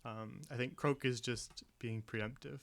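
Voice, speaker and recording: A man's voice: medium pitch, a little slow. Easygoing male game master. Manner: relaxed, hesitant, many ums. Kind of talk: narrating a tabletop game.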